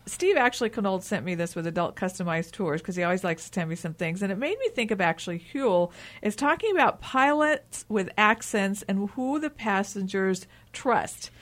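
A woman's voice: mid-range voice, expressive, normal speed, few pauses. A woman hosting a talk show and interviewing a guest, chatty, with many restarts. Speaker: radio talk show host.

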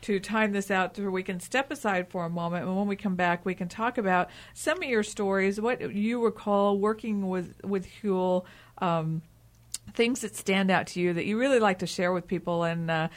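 A woman's voice: medium pitch, normal speed. A woman hosting a talk show and interviewing a guest, chatty, with many restarts. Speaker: radio talk show host.

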